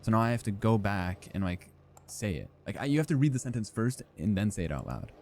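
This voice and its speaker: A man's voice: fairly low pitch, big pitch swings, fairly quick, a little mellow, slight background noise. A young man streaming a game, rambling and joking, with lots of fillers and swearing. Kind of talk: casual gameplay commentary.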